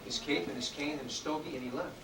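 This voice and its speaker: A man speaks to a room of students in a motivational talk, stretching out his key words and calling for the audience to answer. He is heard from a distance in a roomy, echoing space. Steady background noise runs under the voice. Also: on the high side. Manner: call-and-response, drawn-out emphatic words. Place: indoor room with students and adults. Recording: echoey room, distant mic, noisy.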